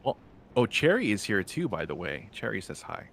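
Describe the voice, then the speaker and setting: A man with a somewhat low voice chats casually on a live stream. He rambles and jokes with his viewers. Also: sing-song, moderate pace, vocal fry, a little hiss or hum. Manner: joking, rambling, chatty with viewers.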